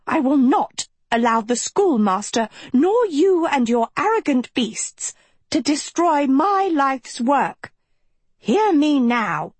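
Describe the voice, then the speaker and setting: A woman voicing a stern, commanding female evil teacher who speaks in a cold, menacing, forceful way. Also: sits high, big pitch swings, slow pace, no echo, pitched above the performer's own voice, heavily acted.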